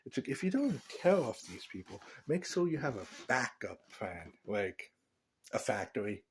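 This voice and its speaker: A man ranting casually to his camera, rambling from point to point and laughing at his own jokes. His pitch swoops up and down a lot as he gets worked up. A faint hiss sits under the voice. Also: big pitch swings, moderate pace. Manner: rambling, joking, opinionated, laughs at own lines. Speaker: vlogger. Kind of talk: casual opinion rant to camera.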